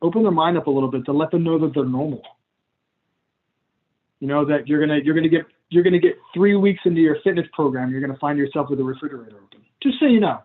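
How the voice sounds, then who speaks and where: A man's voice: fairly high pitch, fast. A man teaching coaching skills on a video call in a casual, chatty way, acting out client conversations. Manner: casual, chatty, laughs at himself, acts out client dialogue. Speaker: coach trainer. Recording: tinny phone-like call audio.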